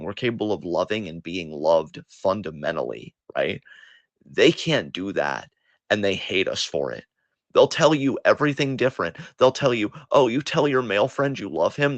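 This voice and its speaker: A podcast co-host with a lowish voice launches into a heated, profanity-laced rant, now and then turning the jabs on himself. The recording is dry.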